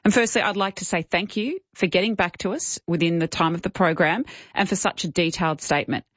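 A woman's voice: fairly low pitch, fairly quick, a bit bright, no room sound, muffled recording. Blunt woman radio host. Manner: indignant, blunt and conversational. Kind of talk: talkback radio commentary.

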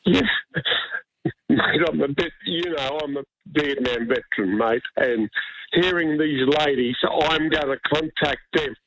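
A man in his seventies with an Australian accent calling in to talk radio, tearful and halting. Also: on the high side. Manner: halting, emotional. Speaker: caller. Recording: noisy phone line.

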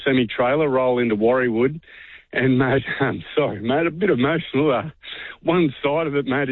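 A man's voice: medium pitch, no room sound. Australian man on a tinny phone line. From Queensland, Australia. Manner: matey, heartfelt, calls the host mate often. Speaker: caller. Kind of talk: phone-in radio chat.

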